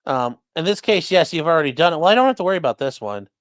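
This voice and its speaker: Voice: mid-range voice, expressive, very fast, no echo, clean studio sound. A defense attorney hosting a casual livestream, reading viewer chat aloud and answering in a blunt, profane way.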